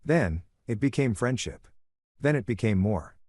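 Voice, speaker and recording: A man reading the lines of a cold, calculating middle-aged woman executive in an audiobook story, calm and matter-of-fact with a cutting edge. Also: medium pitch, measured pace, no room sound, clean studio sound.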